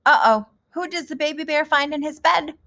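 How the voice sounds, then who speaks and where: A woman's voice: high voice, normal speed. Encouraging woman teaching kindergarten. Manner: gentle, encouraging, asks questions and answers them. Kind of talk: reading lesson for young children.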